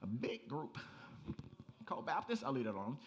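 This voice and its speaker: A man preaching a sermon as pastor, animated and conversational, rising to near-shouts and breaking into laughing asides. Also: mid-range voice, normal speed, background noise.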